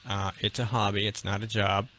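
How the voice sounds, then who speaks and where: A man's voice: lowish voice, flat delivery, fairly quick, sharp tone. A man in his fifties from western New York, a guest on a radio talk show, easygoing and matter-of-fact, with frequent ums and restarts. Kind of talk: casual radio interview. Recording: AM radio broadcast with faint noise.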